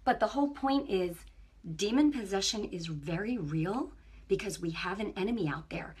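A woman giving an impassioned spiritual testimony on her own broadcast, telling stories in an animated way that swings between hushed and loud. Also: medium pitch, normal speed, breathy edge. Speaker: online ministry broadcaster.

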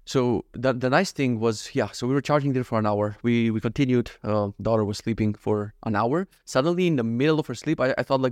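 A man's voice: mid-range voice, fairly quick, few pauses, no room sound, clean studio sound. A man from North Macedonia, telling a story in a casual, profane, ranting vlog monologue. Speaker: vlogger.

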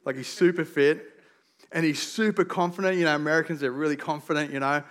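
Australian man preaching with lively humour. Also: on the high side, a little fast. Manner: lively storytelling, self-deprecating humour. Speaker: pastor. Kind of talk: conversational sermon.

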